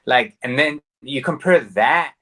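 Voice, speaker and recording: Male podcast guest, mid pitch, relaxed, profane, rambles. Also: measured pace. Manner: laid-back, profane, rambling. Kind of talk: casual chat.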